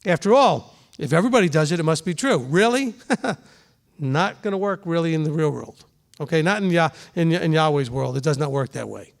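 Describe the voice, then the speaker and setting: A middle-aged man, a rabbi, teaching a congregation in a relaxed sermon, often turning to ask the room questions and acting out quick examples. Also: fairly high pitch, vocal fry. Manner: conversational preaching, asks the room questions, voices quick examples.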